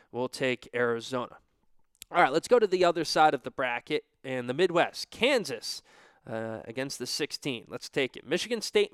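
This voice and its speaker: A man's voice: on the high side, fairly bright tone, clear, resonant tone, no echo, clean studio sound. A young man casually talking himself through tournament bracket picks in an offhand, thinking-aloud way. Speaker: bracket picker. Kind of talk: casual solo commentary.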